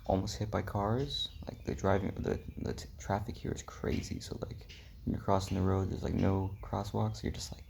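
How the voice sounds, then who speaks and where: Young dude rambling thru a travel story, deep gravelly voice, lots of likes and ums, faint hiss behind. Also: male voice, flat delivery, brisk, a little mellow. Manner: rambling, heavy on "like" and "um", drops into whispery asides. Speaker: travel vlogger. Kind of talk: casual storytelling vlog.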